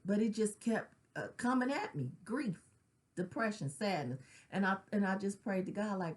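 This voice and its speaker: A woman's voice: mid-range voice, animated, moderate pace. A middle-aged woman speaking earnestly about grief in a conversational, personal way, with casual slang and frequent "right?" check-ins. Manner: conversational, tag questions like "right?". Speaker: grief counselor sharing her own loss. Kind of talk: personal spoken reflection.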